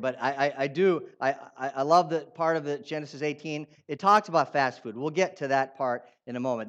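Lo-fi man preaching conversationally. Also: on the high side. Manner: conversational, asks the audience questions, animated when reading quotes. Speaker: pastor. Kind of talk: sermon.

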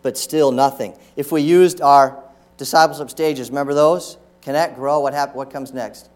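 A man's voice: mid-range voice, fairly even intonation, moderate pace. A middle-aged man preaching a sermon in a church, talking with his congregation through rhetorical questions and now and then acting out scolding voices. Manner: acts out scolding voices to make a point. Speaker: pastor. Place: church sanctuary.

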